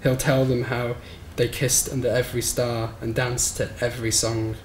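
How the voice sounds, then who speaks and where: A man reading his own short story aloud at a live bookshop event, in a measured, somber storytelling manner. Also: medium pitch, level tone. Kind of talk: live reading of literary fiction. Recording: roomy live recording with faint background noise.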